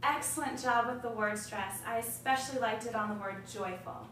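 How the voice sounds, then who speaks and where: A woman with a fairly high voice plays a choir director, giving quick directions and warm praise to the singers. She is heard from far off in a very echoey room, with clear background noise. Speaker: music education student playing a choir director. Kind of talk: role-played choir rehearsal with analysis.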